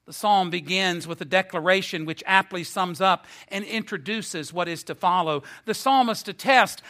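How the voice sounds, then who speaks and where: A man preaching a sermon, earnest and emphatic, slowing down to stress key phrases. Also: high voice, sharp tone.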